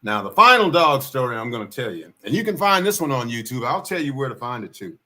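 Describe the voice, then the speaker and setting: A man hosts a livestream, telling stories in a folksy, rambling way and circling back to repeat his main points. His voice sits at a medium pitch, and he talks fast, very animated, with a sharp edge.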